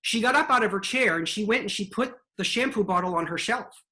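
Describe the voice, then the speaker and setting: A woman's voice: mid-range voice, a little fast, rough recording. Chatty woman telling a story. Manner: animated, chatty storyteller with restarts. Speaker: host. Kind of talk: casual storytelling.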